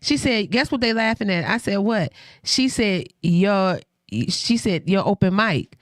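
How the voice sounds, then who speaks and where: A woman hosting a radio show, chatting casually, telling animated stories and laughing often. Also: medium pitch, a little slow, no room sound, studio quality. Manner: animated storyteller who acts out quoted voices; laughs often while talking. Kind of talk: casual radio interview chat. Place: radio studio.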